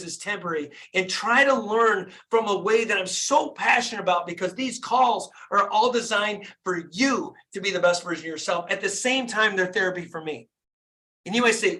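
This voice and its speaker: A man's voice: high voice, bright, forceful tone. A middle-aged man, a dentist and business coach, giving a fired-up motivational talk on a group video call and repeating phrases for emphasis.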